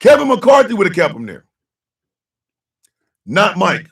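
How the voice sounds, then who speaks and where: A man hosting a casual talk show, ranting loudly and cursing, swinging between shouting and low mutters. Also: sing-song, normal speed, creaky, pauses often, distant mic. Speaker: host.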